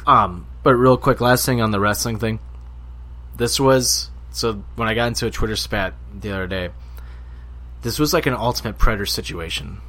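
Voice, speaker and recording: A man's voice: on the low side, moderate pace. A man co-hosting a casual podcast, telling stories and acting out the quotes. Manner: animated storyteller, acts out quotes loudly. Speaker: podcast co-host. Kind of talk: casual chat.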